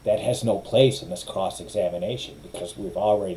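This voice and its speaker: A man's voice: on the low side, a little fast, heavy background noise. A middle-aged man, a lawyer, giving opinionated, wry commentary in a casual way and mimicking others' phrasing.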